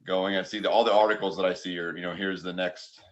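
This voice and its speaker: A man's voice: low voice, level tone, fast talker, lo-fi sound. A man from the US Pacific Northwest co-hosting a sports podcast, joking and rambling through casual questions. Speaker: podcast co-host. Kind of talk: casual chat.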